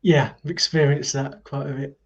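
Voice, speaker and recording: A man's voice: mid-range voice, little pitch movement, normal speed, vocal fry, husky, highs cut off. A man being interviewed as a guest, talking in an easygoing, reflective way. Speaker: festival organiser and guest. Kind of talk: casual interview chat.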